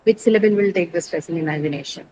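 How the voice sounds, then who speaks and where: A woman's voice: lowish voice, fast, warm tone, slight background noise, poor audio. A woman teacher lecturing an online English class, explaining step by step and correcting students patiently.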